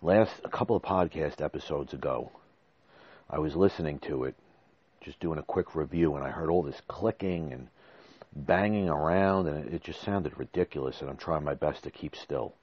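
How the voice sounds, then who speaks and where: A man's voice: extremely low pitch, moderate pace, no room sound, highs cut off. A man in his forties hosting a podcast, talking to listeners in an emotional, rambling way and restarting his words. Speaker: podcast host. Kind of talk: casual monologue. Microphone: desk microphone.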